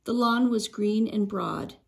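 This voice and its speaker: Gravelly woman reading a storybook. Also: mid-range voice, a little slow. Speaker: storybook reader. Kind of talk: reading a children's book aloud.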